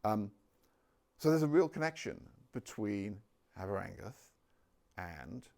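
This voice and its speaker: Male local history speaker in a village hall, lowish gravelly voice, lots of ums. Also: expressive, a little mellow. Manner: halting, many ums and restarts. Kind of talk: public talk with slides.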